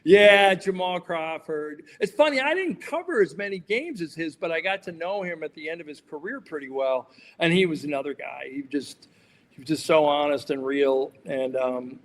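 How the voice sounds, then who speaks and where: A man's voice: a little high, moderate pace, long reverb tail. A man, a sports journalist and podcast guest, telling rambling anecdotes in casual chat, full of fillers and restarts.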